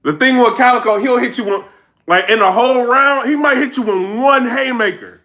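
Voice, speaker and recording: A man with a strikingly high, tense voice gives a casual vlog rundown of the action, talking in slang and slipping into imitations of the people involved. The room around him is hard and echoey. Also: brisk. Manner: animated storytelling, slangy, mimics people he describes. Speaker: battle rap commentator.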